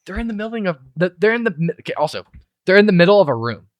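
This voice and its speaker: A man talks quickly, incredulous and ranting as he picks apart an episode in casual chat. His voice sits fairly high and swings widely. The sound is dry and close. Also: very animated, no echo, dull audio. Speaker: podcast co-host.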